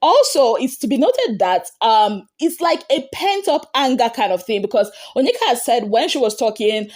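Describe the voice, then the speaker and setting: A woman hosting an entertainment gossip show, recapping reality TV fights in a casual, animated way. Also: normal speed. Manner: animated retelling, acting out quotes with big pitch jumps.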